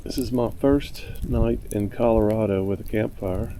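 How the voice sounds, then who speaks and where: A man's voice: fairly low pitch, normal speed, dark tone, poor audio. A man vlogging casually at a mountain campsite, rambling and blunt, grumbling about other campers. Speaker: motorcycle vlogger. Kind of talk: casual vlog monologue. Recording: faint outdoor background noise.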